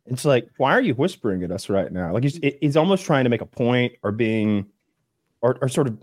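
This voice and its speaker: A man's voice: medium pitch, brisk, no echo. Rambling man in casual chat, dry sound. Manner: rambling, animated, mimics voices.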